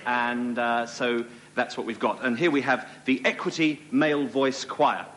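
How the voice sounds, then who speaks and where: A man's voice: medium pitch, fairly even intonation, unhurried, background noise, natural voice. A man playing a flustered TV presenter, apologising and rambling to a studio audience with many ums and restarts. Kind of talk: mock-apologetic comedy monologue.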